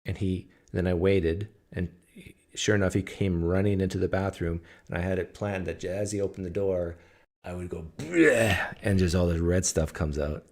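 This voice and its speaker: A man's voice: sits low, flat delivery, normal speed, dark tone. A man from Canada hosting a casual livestream, telling stories in a joking, teasing way. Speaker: host.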